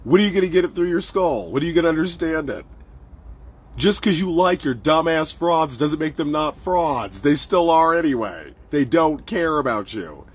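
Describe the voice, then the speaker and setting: A man's voice: on the high side, animated, moderate pace, slightly rough. A man hosting a commentary video, ranting with mocking, repeated rhetorical questions and swearing. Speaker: host.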